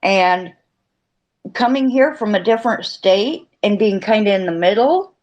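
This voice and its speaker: A woman's voice: mid-range voice, darkish tone, dull audio. A woman who grew up in the Virgin Islands, Florida and New Mexico, chatting casually in an online audio space with a rambling, chatty manner. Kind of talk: casual chat.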